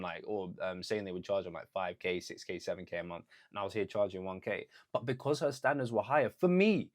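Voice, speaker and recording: A man's voice: low-pitched, a little fast. A young man giving an earnest, conversational motivational talk, now and then acting out what others said to him. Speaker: vlogger.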